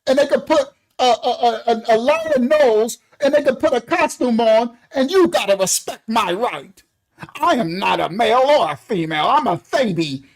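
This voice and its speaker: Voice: mid-range voice, lively intonation, moderate pace, rough recording. An older speaker delivering a heated political rant full of street slang, who keeps asking the listener if they heard. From New York. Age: 60s or older. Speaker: online commentator.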